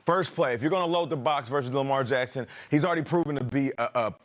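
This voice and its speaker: A man co-hosting a morning football show, excitedly breaking down game film and coaching the viewer through each play. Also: medium pitch, fast talker. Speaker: co-host, football analyst.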